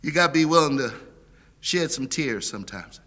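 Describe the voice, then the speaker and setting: A middle-aged man giving a sermon as guest preacher, with a preaching cadence, repeated words and a build to shouting. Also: on the high side, animated, normal speed. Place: church sanctuary. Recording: long church reverb.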